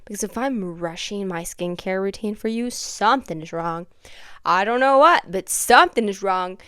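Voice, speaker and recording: A young woman talks straight to the camera in a casual vlog. Her voice is bright and crisp, a little high, and recorded dry and close. She swings from hushed asides to dramatic near-yelling. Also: lively intonation, normal speed, dry recording. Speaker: vlogger. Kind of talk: casual chat.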